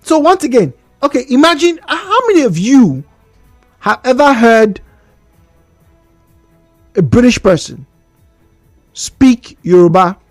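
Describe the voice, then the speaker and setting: A man's voice: very high voice, very animated, measured pace, long pauses, no echo, faint music behind. A man with a Nigerian accent hosting a call-in radio show from a studio microphone, chatting and asking the audience rhetorical questions. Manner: chatty, rhetorical questions, laughs between points. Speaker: radio host.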